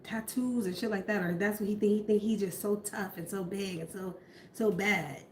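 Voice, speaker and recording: A woman's voice: medium pitch, fairly even intonation, normal speed, slight background noise. A woman giving a casual tarot reading in a blunt, outspoken, profane manner. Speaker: tarot reader. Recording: roomy echo.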